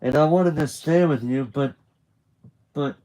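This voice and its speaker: Man doing an upset, apologetic teen boy, pitched up, reading live, slow pace. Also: warm tone, natural voice, low-quality recording. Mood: flustered. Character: anxious, emotional teenage boy, flustered and apologetic.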